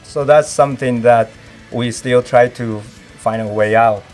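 Taiwanese accent guy on a podcast, hokkien first language, lots of uh and restarts, mid pitch, bit of music behind. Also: steady tone, a little mellow. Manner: halting, searching for words, many uh fillers. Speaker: podcast guest. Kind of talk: casual interview chat.

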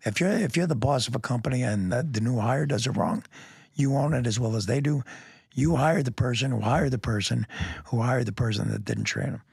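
A man's voice: mid-range voice, fairly quick, creaky, a little mellow, husky, no room sound, studio quality. A middle-aged man, a police lieutenant guest, telling his story bluntly and emphatically, often saying "man" and "you know". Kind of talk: candid conversational storytelling.

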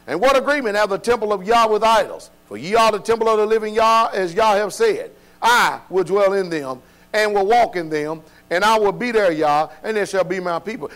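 A man teaching a Bible study in an emphatic preaching cadence. His voice sits fairly high, and he keeps asking his listeners rhetorical questions. A low electrical hum runs under the recording. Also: a bit bright. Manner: informal speech with dropped verbs.

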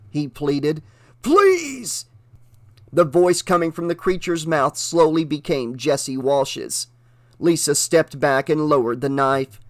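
A man reading a horror novel aloud as an audiobook, with steady, dramatic narration. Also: a little high, dry recording.

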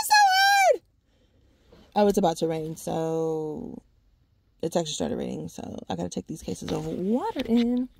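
A woman's voice: medium pitch, vocal fry, darkish tone. A woman talking candidly in a personal vlog, sighing often as she drifts from work troubles to faith. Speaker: vlogger. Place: outdoors near her home, rain starting.

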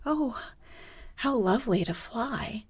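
A woman voicing Wendy, a brave, proper young girl, in a soft, breathy, hushed storybook reading. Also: a little high, lively intonation, slow pace, no echo, voice pushed up, exaggerated voice. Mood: enchanted.

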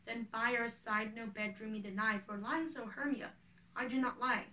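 An ardent young male lover, read by a woman in earnest verse. The voice is bright and fairly high, heard from a little distance. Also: steady tone, moderate pace, roomy sound. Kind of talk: reading a play aloud.

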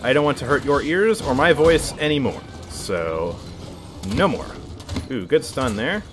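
Lively-voiced man streaming a game. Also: medium pitch, unhurried, over music. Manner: chatty, reacts to the match and reads chat aloud. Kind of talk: casual gameplay commentary.

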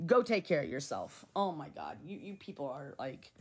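A woman with a deep, slightly breathy voice talks to her phone livestream chat at a moderate pace with few pauses. She's very animated, heated and blunt, swearing freely and repeating herself in casual talk with viewers.

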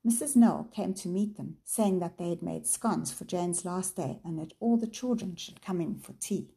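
A woman's voice: fairly low pitch, moderate pace, creaky, dark tone. A woman narrating a children's story aloud. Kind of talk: storybook reading.

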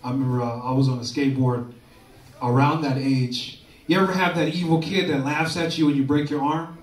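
A man's voice: mid-range voice, steady tone, fairly quick. A man doing a loose, crude stand-up comedy set, often tagging lines with "dude". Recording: echoey room from far off, crowd laughter.

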